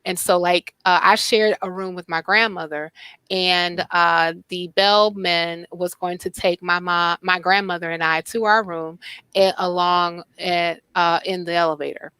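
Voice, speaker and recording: A woman from Chicago telling a story in casual chat, lively, with many fillers. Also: lowish voice, unhurried, clear, resonant tone, dry recording. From Chicago, USA. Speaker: panel guest.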